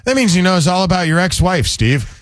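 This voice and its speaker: A man's voice: high-pitched, sing-song, fairly quick, noisy background. A man co-hosting a casual talk show, telling a news story with wry, teasing asides. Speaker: co-host.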